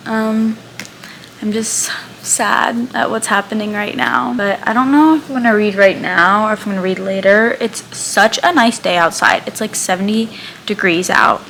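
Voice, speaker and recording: A young woman chatting casually in a reading vlog at home, excitable and full of "like", speaking into a camera mic. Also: medium pitch, a little hiss or hum, low-quality recording. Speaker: book vlogger.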